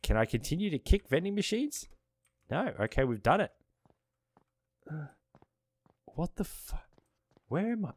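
A man playing a horror game, talking himself through it, reading notes aloud, swearing and yelling at jump scares. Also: a little high, big pitch swings, measured pace, pauses often, no room sound. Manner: jumpy, swearing, screams at scares. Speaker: gaming streamer. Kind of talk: horror game let's play commentary. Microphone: desk microphone.

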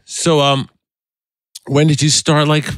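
A man hosting a casual podcast, asking loose, halting questions. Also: fairly high pitch, level tone, no echo, clean studio sound. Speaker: podcast host. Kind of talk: casual interview chat.

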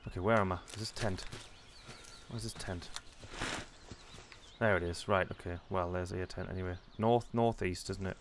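A man's voice: low-pitched, fairly even intonation, moderate pace, long pauses, background noise. A man giving casual gameplay commentary, chatty and self-mocking, often muttering to himself as he plays. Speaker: let's play commentator.

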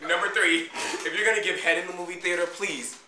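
A man's voice: steady tone, quick pace, crowd noise. A man doing a crude, giggly comic rant for a vlog, often jumping into squeals. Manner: loud, crude, giggly, jumps into high squeals. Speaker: vlogger. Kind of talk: rowdy comic monologue to friends. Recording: echoey room with friends around.

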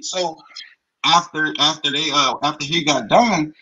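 A young man from New Orleans, a former football player, telling his story in an interview with blunt, profane, animated speech. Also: a little high, a little slow, breathy edge. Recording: dull lo-fi audio.

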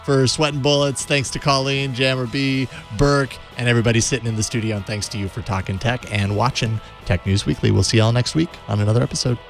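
A young man co-hosting a tech news show, chatting casually with easy jokes and quick laughs in a studio. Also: medium pitch, steady tone, music in the background. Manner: easygoing, joking, quick laughs. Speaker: co-host. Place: studio with live audience.

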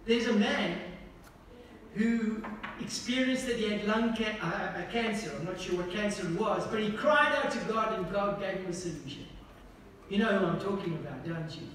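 A man preaching a sermon, often asking the congregation questions and swinging between emphatic lines and hushed ones. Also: sits high, moderate pace. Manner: asks the congregation repeated questions. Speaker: pastor. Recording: echoey hall from far off, faint noise.

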